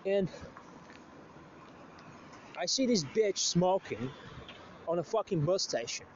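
A man's voice: high voice, expressive, takes it slowly, slight background noise. A man telling a story in a casual monologue, crude and profane, rambling with many restarts. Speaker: show host. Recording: slightly muffled lo-fi recording.

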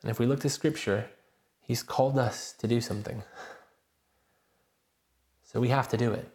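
A man, a pastor preaching a sermon and telling a personal story in an animated, self-deprecating way. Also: medium pitch, moderate pace, reverberant.

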